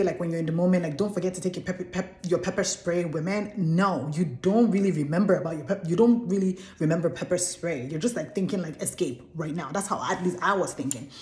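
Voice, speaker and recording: A young Nigerian woman telling a storytime vlog in an animated, exclamatory way. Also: fairly low pitch. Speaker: vlogger. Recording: roomy echo.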